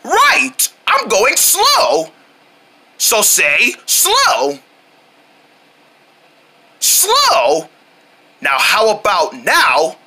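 A woman voicing a cheerful, excitable young boy who talks straight to child viewers in a sing-song way. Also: on the high side, drawn-out words, creaky, long pauses, husky, full character voice. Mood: playful. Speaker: children's show character. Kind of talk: children's cartoon voice acting.

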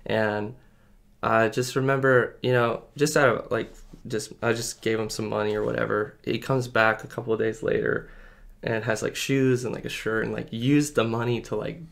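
A man's voice: on the low side, flat delivery, moderate pace, vocal fry, fairly bright tone. A man sharing a personal faith story in casual conversation, earnest and rambling, with lots of fillers. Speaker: podcast guest. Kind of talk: casual testimony chat.

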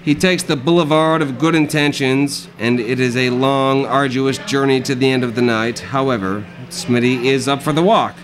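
A man reading his own dark comic prose aloud at a live cafe reading, with a dry, sardonic delivery. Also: medium pitch, steady tone, normal speed, hardly any pauses, a crowd in the background, rough recording.

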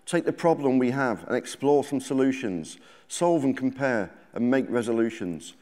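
A man's voice: medium pitch, lively intonation, moderate pace, warm tone. A man reading his own rhyming children's book aloud to a live audience at a conference, with a sing-song cadence and theatrical quoted voices. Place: large conference hall. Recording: reverberant conference hall.

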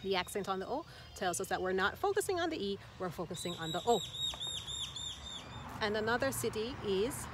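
A woman teaching Spanish to expats, speaking slowly and repeating each word carefully in an upbeat, encouraging way. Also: mid-range voice, expressive, music in the background. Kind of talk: language lesson. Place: outdoors in a city park. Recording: outdoor noise, birds and traffic.

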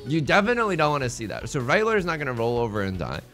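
A man's voice: mid-range voice, wildly swooping pitch, very fast, a bit bright. A young man giving casual, rambling, jokey commentary while playing a tile game, full of restarts and self-mockery. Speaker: let's play host. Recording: faint music behind.

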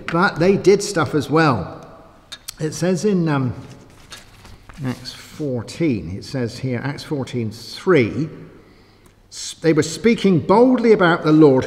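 A man's voice: on the high side, a little mellow. A man preaching a sermon in a church, conversational, with frequent asides and rhetorical questions. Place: church sanctuary. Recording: church hall with long reverb.

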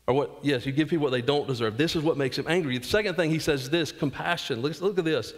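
A man's voice: a little high, fast talker, hardly any pauses. A man with a Southern US accent preaching a sermon as pastor, earnest, acting out quotes and dropping asides to the congregation. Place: church sanctuary. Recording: long church reverb.

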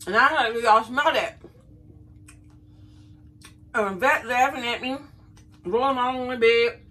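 Middle-aged woman, a bright, animated vlogger telling a story. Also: on the high side, slow, poor audio. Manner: animated, chatty, addresses viewers as y'all. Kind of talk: casual storytelling to camera.

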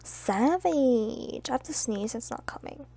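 Gravelly young woman trash-talking over a game. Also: a little high, animated, measured pace. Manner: playful trash talk with loud laughs. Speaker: gamer. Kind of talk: casual gaming chat.

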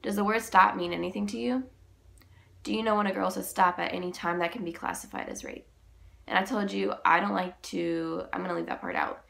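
Teenage girl, low voice, vocal fry, candid, slangy, emotional storytime. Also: steady tone, a little fast, a bit bright. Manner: candid, slangy and emotional, retelling a hard experience. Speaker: vlogger. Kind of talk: personal storytime.

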